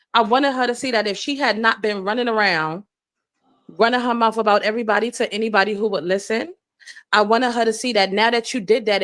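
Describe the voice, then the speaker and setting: A grown woman live-streaming, telling a long story in a blunt, profane and indignant way, with rapid run-on retelling. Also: on the high side, a bit bright. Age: adult.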